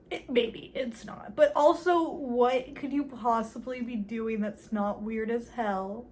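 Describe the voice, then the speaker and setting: A young woman with a slightly high voice recaps a film in a casual, sarcastic way, giggling and mimicking the characters as she goes. A faint hiss of background noise sits under her voice. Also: fairly even intonation, measured pace. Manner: sarcastic, giggly, playfully acting out characters' lines. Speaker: movie commentary YouTuber. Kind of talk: casual movie recap commentary.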